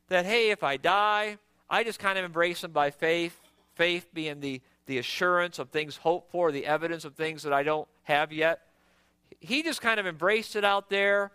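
Bright high-voiced male preacher. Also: clean tone, no room sound. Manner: earnest, emphatic, repeats words as he builds a point. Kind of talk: sermon.

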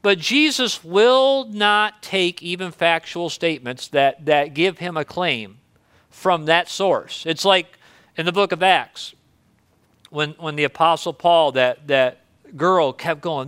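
A male pastor with a high, bright voice preaches in an earnest, conversational tone. His voice is smooth and clear, and the recording is close and dry. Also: slow pace, no room sound. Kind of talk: sermon.

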